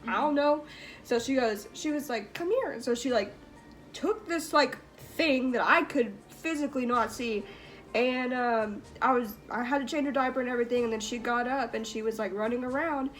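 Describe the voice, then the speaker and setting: A woman's voice: fairly high pitch, moderate pace, fairly bright tone, soft background music. A young woman hosting a vlog, casually telling a spooky story with lots of "like" fillers and giggles. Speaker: vlog host.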